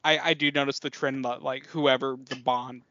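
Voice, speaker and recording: An excitable man chats about films as a podcast co-host, swearing freely and restarting his sentences. His voice sits in a middle pitch. The recording is dull and lo-fi, with a dry close sound. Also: normal speed, dry recording. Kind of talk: casual film podcast chat.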